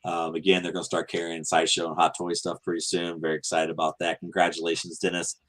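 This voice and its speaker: Male host, very low voice, rambling earnest sign-off full of ums. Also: monotone, fast, fairly bright tone. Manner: many ums and restarts, earnest. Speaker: podcast host. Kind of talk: casual show sign-off.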